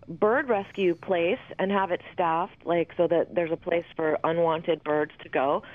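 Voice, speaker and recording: Woman in her 50s rambling on, swears a lot, candid interview chat, thin phone-line sound. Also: fairly low pitch. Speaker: interview guest.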